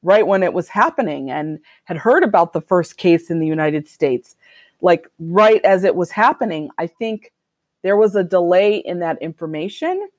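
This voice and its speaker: A woman with a fairly low voice speaks as a doctor in a conversational interview. She answers candidly and thoughtfully, and her voice sounds dry and close with no room echo. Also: expressive. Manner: reflective, candid, measured.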